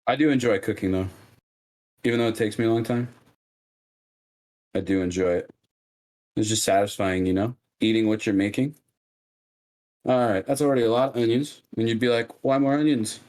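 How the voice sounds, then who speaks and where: A man streaming from his home kitchen, chatting casually and joking at his own slow cooking. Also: lowish voice, a little mellow. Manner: joking, self-mocking, unhurried.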